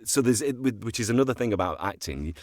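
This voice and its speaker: An older man tells self-deprecating stories from his voiceover career, with plenty of restarts. His voice sits very low. The sound is close and dry, with no room in it. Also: expressive, quick pace, dry recording. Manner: anecdotal, self-deprecating storyteller with frequent restarts. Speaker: voiceover artist and actor. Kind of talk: relaxed interview chat.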